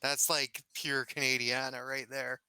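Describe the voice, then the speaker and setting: Man with a very bright, clear voice. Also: medium pitch, level tone, measured pace, no room sound, low-quality recording. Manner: chatty, recounts TV bits with many restarts. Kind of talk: casual chat among tabletop players.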